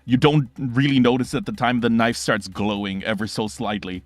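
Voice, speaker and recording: A young man runs a tabletop game, telling the scene with quick restarts and little sound effects. His voice sits at a middle pitch, recorded close and dry, with faint music playing underneath. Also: no room sound. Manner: animated, fast storytelling with sound effects and restarts. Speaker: game master.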